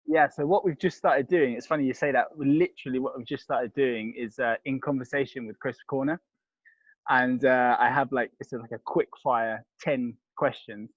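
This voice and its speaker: A man's voice: medium pitch, fairly even intonation, normal speed, no room sound, muffled recording. A man with a London accent, a podcast guest chatting casually, rambling with many restarts and fillers. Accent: London English. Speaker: podcast guest, crisp reviewer. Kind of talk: casual chat.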